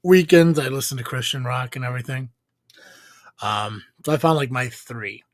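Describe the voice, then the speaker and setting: A man's voice: medium pitch, moderate pace, dry recording, studio quality. Rambling, profane podcast co-host man. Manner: rambling, profane, many fillers. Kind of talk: casual live podcast chat.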